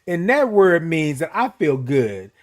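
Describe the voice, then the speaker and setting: A man's voice: fairly high pitch, very animated, measured pace. A middle-aged man hosting a casual morning live stream, greeting viewers, reading their comments and stretching out words playfully.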